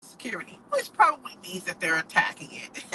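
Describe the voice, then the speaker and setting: A woman giving her opinions in a casual monologue; outspoken and animated, she laughs often and keeps coming back to rhetorical questions. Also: fairly low pitch, rough recording. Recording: steady background noise with passing traffic.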